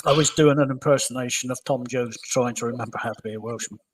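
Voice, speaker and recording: A man's voice: medium pitch, steady tone, fast talker, slightly rough. A British man on a live stream panel, telling stories in a casual chat. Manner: tells stories with little acted quotes. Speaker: panel guest.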